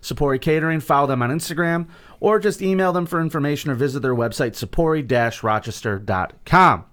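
Teasing podcast host with music behind. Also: male voice, fairly high pitch, brisk, fairly bright tone. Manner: teasing, joking banter. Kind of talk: casual chat and sponsor reads.

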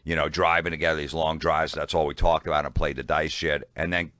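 A middle-aged man with a New York accent, a comedian guest telling animated stories and acting out the voices of the people in them. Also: a bass voice, a little fast, no echo. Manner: animated anecdote-telling, acts out quoted voices. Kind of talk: casual storytelling chat.

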